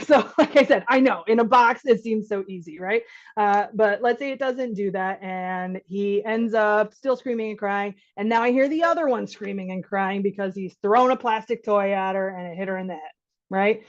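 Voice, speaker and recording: A woman's voice: mid-range voice, moderate pace, dull audio. A woman physician giving an informal workshop talk to caregivers, conversational and acting out little dialogues.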